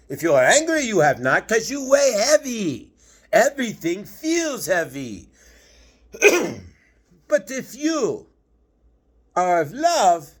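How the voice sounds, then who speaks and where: A man's voice: sits high, heavily acted. A man channeling a patient, preachy male spirit master, lecturing through earnest rhetorical questions.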